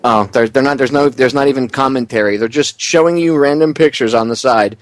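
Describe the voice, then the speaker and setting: A man's voice: medium pitch, fairly quick, no echo. A male radio host giving sarcastic, mocking play-by-play commentary into a studio mic. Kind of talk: casual live commentary.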